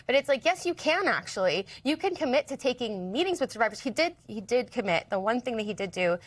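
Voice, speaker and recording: A woman being interviewed on the news, her voice emotional and close to tears. She speaks earnestly but haltingly, restarting her sentences often, in a dry, close sound with no room echo. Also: a little high, big pitch swings. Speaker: interview guest.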